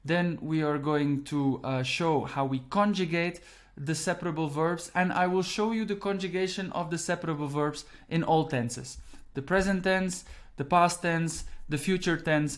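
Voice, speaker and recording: A man who teaches a grammar lesson in English. He explains step by step and repeats the key points. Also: a little high. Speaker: Dutch language teacher. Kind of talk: online language lesson.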